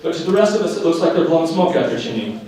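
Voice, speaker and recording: Male stand-up, lively swings in pitch, roomy distant live sound. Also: racing, a crowd in the background. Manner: animated, dips into mock voices for characters. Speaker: stand-up comedian. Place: live venue with audience. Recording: echoey room, picked up from a distance.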